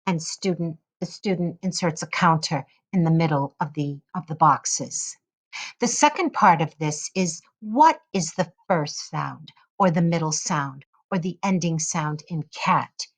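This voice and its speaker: Slow, low-voiced woman teaching a lesson. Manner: slow, deliberate, models sounds carefully. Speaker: teacher educator. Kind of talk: instructional lesson narration.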